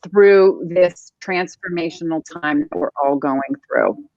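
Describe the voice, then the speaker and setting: A woman's voice: fairly low pitch, a little slow, a little mellow, no room sound. A woman hosting a casual interview, speaking earnestly and reflectively. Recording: dry, muffled lo-fi sound.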